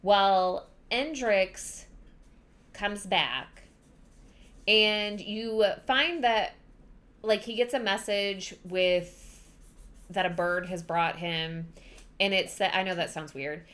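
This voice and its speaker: A woman's voice: medium pitch, slow, long pauses, fairly bright tone. Chatty young woman recapping a book. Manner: chatty, rambling, with lots of fillers. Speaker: podcast host.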